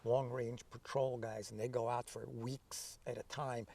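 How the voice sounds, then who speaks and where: A man in his seventies telling stories from his past in an interview, lively and acting out remembered dialogue. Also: medium pitch, a little slow, vocal fry, recorded from a distance. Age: 70s. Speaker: interview guest, veteran. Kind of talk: conversational storytelling.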